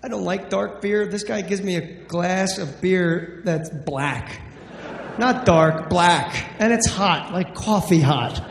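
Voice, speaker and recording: Man from New Jersey, stand-up comic, brash, high voice, long hall reverb. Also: slow, creaky. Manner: brash, profane, punchy. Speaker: stand-up comedian. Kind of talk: stand-up storytelling. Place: comedy stage in a large hall. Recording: echoey live hall, faint noise.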